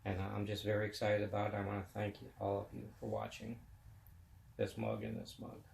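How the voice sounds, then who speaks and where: A man's voice: fairly low pitch, little pitch movement, a little fast, gravelly, darkish tone, roomy sound. A man in his fifties hosting a web chat show, talking about sports in a rambling, folksy, casual way. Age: 50s.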